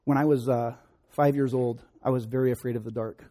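A man's voice: mid-range voice, fairly even intonation, fairly quick. A middle-aged man preaching a sermon in a conversational way, acting out quoted voices in his stories. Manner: conversational, acts out quoted voices, drops to soft prayer. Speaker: pastor. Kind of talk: sermon with storytelling and prayer.

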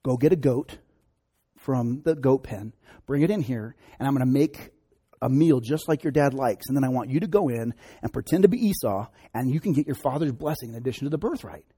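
A man voicing a scheming, determined mother who gives brisk, conspiratorial orders in a retold scripture story. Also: mid-range voice, animated, dark tone, slightly rough.

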